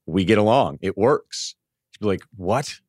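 A man chatting as a podcast guest, telling animated stories and acting out quoted lines. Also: fairly low pitch, measured pace, dry recording, clean studio sound. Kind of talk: casual sports podcast chat.

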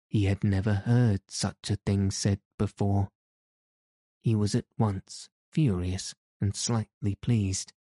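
A man reading a story aloud in measured, even scripted narration. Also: fairly low pitch, dry recording, clean studio sound. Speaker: audiobook narrator.

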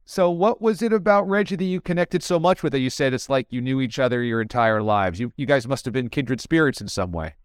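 A man's voice: mid-range voice, expressive, fairly quick, few pauses, clear, resonant tone, no echo, clean studio sound. Man asking long interview questions. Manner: earnest, long wordy questions.

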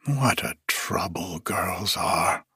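A man voicing a cruel, scheming old witch woman who mutters in a hushed, menacing way. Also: low-pitched, lively intonation, takes it slowly, slightly rough, no echo, clean studio sound, voice pushed down, heavily acted. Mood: grumbling.

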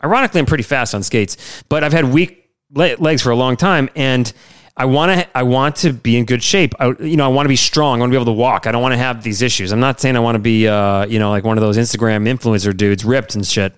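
A man's voice: mid-range voice, fast, clean tone. A man in his thirties, a podcast co-host, telling a rambling, self-deprecating story in casual chat, full of restarts. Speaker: podcast co-host, youth sports coach.

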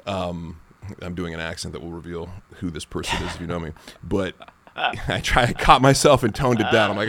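A man's voice: low-pitched, moderate pace, a bit bright. A man hosting a podcast, talking in a rambling casual way with many fillers. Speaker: podcast host. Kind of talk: casual chat.

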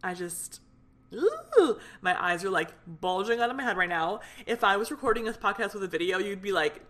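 A woman's voice: medium pitch, a little fast, sharp tone. A young woman hosting her own solo podcast, talking in a fired-up, rambling way with lots of fillers. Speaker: podcast host. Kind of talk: casual solo podcast venting.

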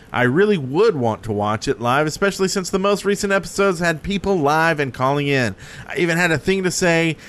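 A man's voice: a little high, a bit bright, slight background noise. A man hosting a podcast in casual chat, joking around and reading out listener messages. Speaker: podcast host.

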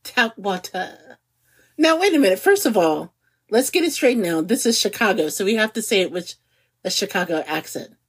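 A woman in her forties chats on a podcast with a slightly husky, breathy tone. Her pitch swings widely as she jokes. She laughs easily and speaks with no regional accent. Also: fairly quick. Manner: animated and giggly, laughs often. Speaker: podcast co-host. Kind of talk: casual chat.

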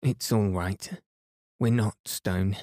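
A man's voice: lowish voice, fairly even intonation, slow, a little mellow, no room sound, clean studio sound. A man voicing an earnest young girl in a storybook reading. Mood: relieved. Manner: pleading, earnest.

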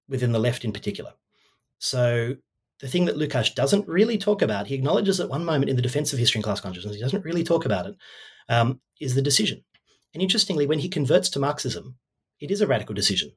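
A man's voice: medium pitch, slightly rough. A man talking through an academic argument in a loose, casual way, full of fillers and restarts, as an author discussing his book. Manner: discursive, many fillers like "you know" and "like".

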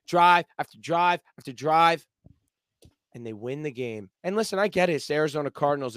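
Animated man, podcast co-host, fairly high voice, dry close sound, casual sports chat. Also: no echo. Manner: animated, boisterous, swears, mimics plays with sound effects.

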